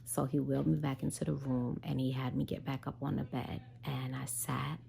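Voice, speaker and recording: Low gravelly woman telling her story. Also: normal speed. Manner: animated retelling, quoting others in dialogue. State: tired and unwell. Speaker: vlogger. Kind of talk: casual storytelling.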